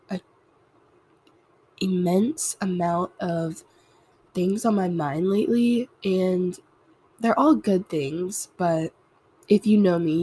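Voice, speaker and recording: A young woman hosts her podcast with a congested, husky voice from a cold. Her tone is soft and mellow, a little low. She rambles in a reflective, easygoing way. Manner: reflective, rambling, with many fillers. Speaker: podcast host. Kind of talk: casual solo podcast talk.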